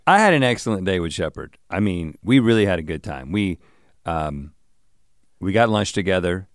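A man's voice: low voice, animated, moderate pace, clear, resonant tone, dry recording. A middle-aged man co-hosting a casual comedy chat, answering with dry, wry remarks. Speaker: podcast co-host.

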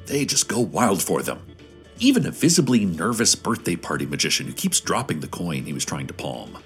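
A man delivering scripted radio news narration in a calm, deadpan manner. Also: low-pitched, a little fast, soft background music.

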